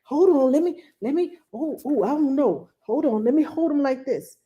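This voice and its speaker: A woman's voice: high voice, lively intonation, moderate pace, dark tone, highs cut off, voice pushed up. Woman putting on a flustered nervous grandpa. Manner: flustered, hesitant, stammering. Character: nervous, fumbling grandfather, unsure with a baby.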